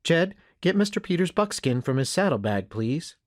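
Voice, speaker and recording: A woman's voice: low voice, very animated, normal speed, no room sound, clean studio sound, pitched above the performer's own voice. A man voicing a kindly frontier mother who is firm but caring with her young son. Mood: motherly. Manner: gently scolding, motherly.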